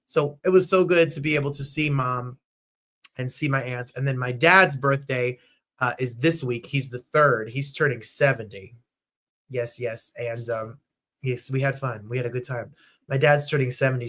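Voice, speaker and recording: A man in his thirties from New Jersey hosting a lively live-stream chat show, gushing and bubbly, sometimes jumping into falsetto squeals and bits of song. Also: moderate pace. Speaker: host.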